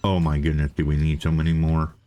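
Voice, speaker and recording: Guy with a real low voice narrating his game, playful, talks to himself a lot. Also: little pitch movement, a little fast, warm tone, soft background music. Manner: chatty, repeats himself while thinking aloud; playful self-talk. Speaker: let's play host. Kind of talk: casual gameplay commentary.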